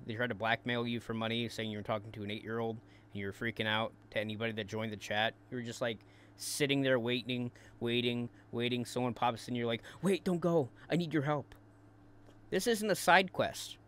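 Male commentary host, mocking and profane, mid-pitched everyday voice, stumbles over repeats. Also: fairly bright tone, clear, resonant tone. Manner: taunting, crude, repeats words in bursts.

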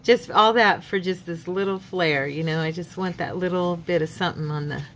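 A woman's voice: lowish voice, moderate pace, a bit bright, slight background noise. Chatty woman crafting at home. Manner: chatty, faith-filled asides, laughs at herself. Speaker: craft channel host. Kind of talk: casual crafting tutorial chat.

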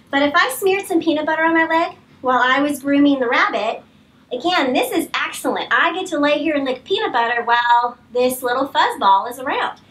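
High-voiced woman trainer, heard from off the mic. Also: recorded from a distance, rough recording. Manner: calm, firm commands to dogs mixed with explanation. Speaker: dog trainer. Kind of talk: live training demonstration.

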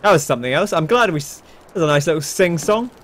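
Let's play host, male, chatty and exclamatory, slightly high voice. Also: lively intonation, fast talker, a bit bright. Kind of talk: casual game commentary.

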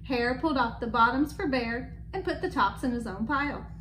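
Female storyteller for a kids' read-aloud; gentle, questioning the children, high voice, roomy recording with faint noise. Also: moderate pace. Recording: echoey room with faint background.

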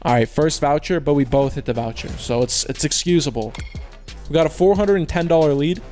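Faint music sits behind a young man whose voice is fairly high and a little fast as he opens online cases on video. He talks slang to his viewers, groaning in frustration at losses and cheering loudly at wins.

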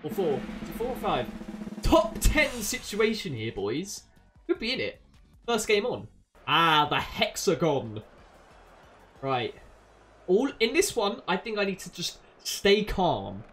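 A woman commentating her own gameplay, excitable and yelling at other players. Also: lowish voice, slow pace, pauses often, faint music behind. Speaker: gaming channel host.

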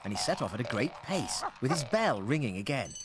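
A man narrating a children's story in an expressive, storytelling manner. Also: mid-range voice, brisk, background noise.

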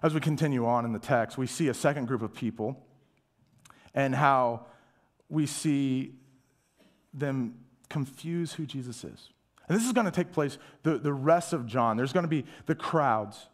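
A male pastor preaching a sermon, emphatic, asking rhetorical questions and dropping to a hush at times. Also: medium pitch, unhurried. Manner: dramatic shifts from loud to hushed, whispering asides.

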